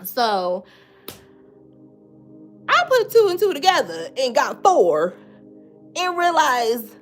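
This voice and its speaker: A young woman vlogger telling a personal story in a casual storytime style, animated, with sudden loud outbursts, quiet asides and swearing. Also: high voice, slow, pauses often, faint music behind.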